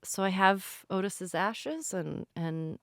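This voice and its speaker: Smooth-voiced woman telling a candid story. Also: medium pitch, lively intonation, takes it slowly, dry recording, clean studio sound. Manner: candid, rambling, self-deprecating storytelling with many restarts. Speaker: podcast co-host. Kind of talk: casual storytelling chat.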